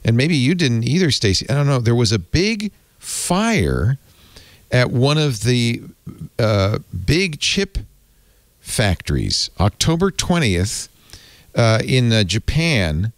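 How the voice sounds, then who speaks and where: A man hosting a tech podcast, chatting casually and reading an ad in a rambling, animated way. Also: mid-range voice, takes it slowly, dry recording. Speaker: podcast host. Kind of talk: casual tech podcast chat and live ad read.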